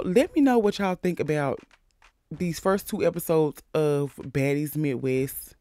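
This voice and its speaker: A man hosting a casual recap of a reality show, sassy, animated and profane as he talks. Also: fairly high pitch, slow pace.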